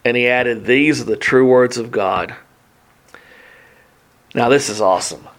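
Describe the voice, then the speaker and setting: A man's voice: medium pitch, measured pace, a bit bright. A man leading a casual Bible study, reading passages aloud and explaining them with enthusiasm. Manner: enthusiastic, reads scripture aloud then comments. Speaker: Bible teacher.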